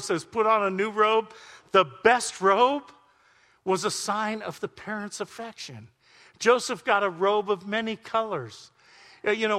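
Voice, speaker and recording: A middle-aged male pastor preaching a sermon, swinging between soft, intimate passages and loud, shouted climaxes. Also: high voice, in a large hall.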